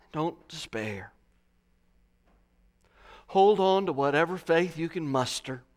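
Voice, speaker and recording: A man preaching a sermon, slow and dramatic, swelling loud and then dropping to a hush. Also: on the high side.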